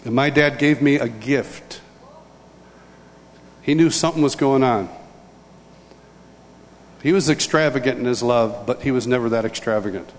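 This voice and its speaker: A man's voice: medium pitch, normal speed, pauses often. Man preaching in a reverberant hall. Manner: animated storytelling, acting out dialogue. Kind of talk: sermon story and prayer. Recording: reverberant hall, faint ambience.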